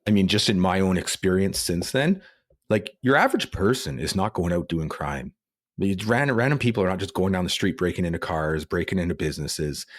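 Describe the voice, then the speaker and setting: A man's voice: low-pitched, dry recording, studio quality. A man, a police officer and author, speaking earnestly as a podcast guest, rising when he quotes what he told people. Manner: earnest, speeds up and rises when quoting himself. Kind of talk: podcast interview.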